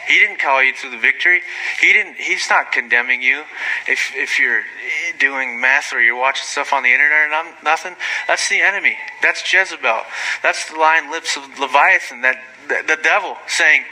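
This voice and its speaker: A man giving an informal, rambling sermon, full of asides and quick apologies, rising sharply when he gets excited. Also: medium pitch, low-quality recording. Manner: rambling, self-deprecating, frequent asides and apologies; animated, voice jumping up when excited. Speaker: lay preacher.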